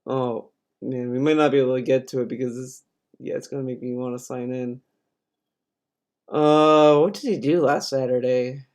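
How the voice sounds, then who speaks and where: A man's voice: medium pitch, steady tone, normal speed, a little mellow. A man streaming, mocking a video he plays, in casual sarcastic commentary with swearing.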